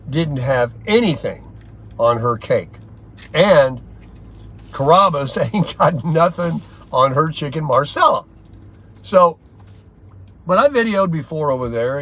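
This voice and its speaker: An older man vlogging from inside a car, telling stories in a rambling, chatty way with lots of pauses and fillers. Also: medium pitch, a bit bright. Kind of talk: casual daily vlog chat.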